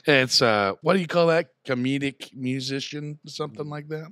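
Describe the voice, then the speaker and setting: A man's voice: medium pitch, moderate pace, hardly any pauses, a bit bright, no echo, studio quality. A man co-hosting a podcast, chatting casually, laughing easily and quoting songs. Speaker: podcast co-host. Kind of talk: casual chat.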